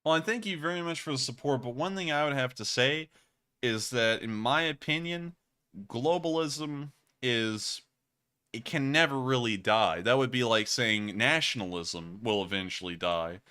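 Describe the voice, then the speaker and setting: Bright, crisp-voiced male livestream host. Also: medium pitch, moderate pace. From United States. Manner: rambling, earnest, frequent fillers and restarts. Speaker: livestream host answering super chats. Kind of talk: casual livestream chat.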